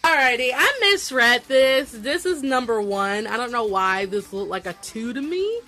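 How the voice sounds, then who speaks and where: A young woman with a slight Southern country accent, unboxing a gift package in a casual vlog and gushing over each item with excited exclamations. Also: on the high side, normal speed.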